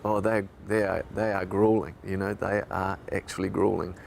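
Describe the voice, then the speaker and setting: Gravelly New man, reflective. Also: deep voice, level tone, moderate pace, a little hiss or hum. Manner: reflective, emotional storytelling. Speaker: radio broadcaster. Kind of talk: documentary interview recollection.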